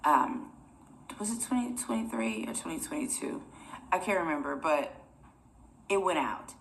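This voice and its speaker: A woman's voice: deep voice, expressive, normal speed, slight background noise. A young woman vlogger telling a personal story to her viewers in a rambling, chatty way, often close to tears. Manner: emotional, near tears.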